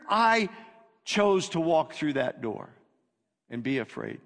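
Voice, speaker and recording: A male pastor preaching a sermon, emphatic and repetitive, swinging between loud declarations and hushed lines. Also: fairly high pitch, big pitch swings, slow pace, gravelly, long pauses. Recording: long reverb of a hall.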